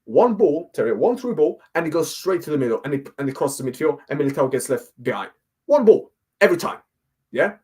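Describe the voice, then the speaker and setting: A man, ranting hard about football. His voice sits a bit high and sounds husky. He keeps repeating himself and throwing in "yeah?" again and again. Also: very animated, brisk, warm tone. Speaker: fan guest. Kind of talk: heated fan rant.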